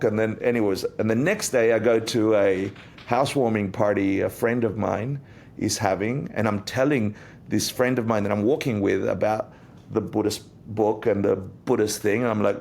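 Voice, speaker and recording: A man, a guest on an interview podcast, telling a personal story in a lively way and acting out the voices in it. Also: fairly low pitch, normal speed, creaky. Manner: animated storyteller, acts out quotes. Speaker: interview guest, Buddhist teacher.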